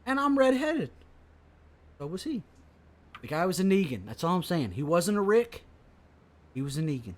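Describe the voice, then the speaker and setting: A man co-hosting a casual comedy podcast, riffing in loud, profane rants. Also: high-pitched, very animated, moderate pace, long pauses. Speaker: podcast co-host.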